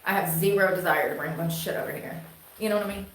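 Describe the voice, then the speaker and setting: A woman's voice: on the low side, very fast. Twangy North Carolina woman, echoey room. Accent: North Carolina Southern twang. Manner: drawling, blunt, swears casually. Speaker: live streamer. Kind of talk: casual rambling chat to viewers. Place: indoor room, rain outside. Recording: echoey room, faint noise.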